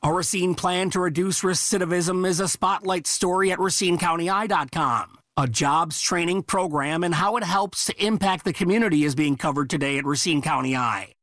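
Local radio newsman, slightly high voice, dry studio sound, brisk and even. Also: no room sound. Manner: brisk, even newsreader delivery. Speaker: local radio news anchor. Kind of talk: news update reading. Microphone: studio mic.

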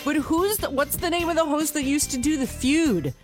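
Chatty animated American woman. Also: high-pitched, normal speed, faint music behind. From United States. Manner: chatty, animated, with restarts and laughs. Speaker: podcast co-host. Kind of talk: casual chat.

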